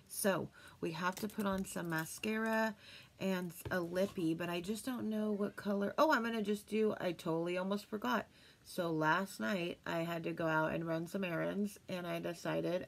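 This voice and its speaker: A woman's voice: lowish voice, vocal fry, a little hiss or hum. A young woman chatting casually through a makeup tutorial, gushing and rambling as she talks. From California. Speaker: beauty vlogger.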